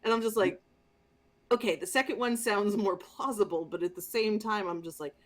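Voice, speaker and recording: Woman podcast co-host, casual movie chat, animated, profane, exasperated. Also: medium pitch, moderate pace.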